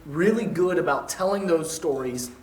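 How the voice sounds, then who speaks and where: A man's voice: fairly high pitch, normal speed, slight background noise. A man hosting an interview, building long reflective questions in a conversational tone. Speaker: host, interviewer. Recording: echoey room, distant mic.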